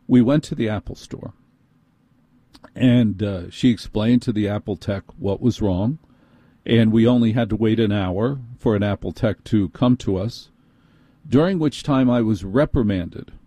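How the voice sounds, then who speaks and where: A man's voice: lowish voice, dark tone, dry recording. A middle-aged man with a New York accent hosting talk radio, telling a long, exasperated story with sardonic asides. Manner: sardonic, exasperated, quick bursts. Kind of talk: ranting storytelling monologue.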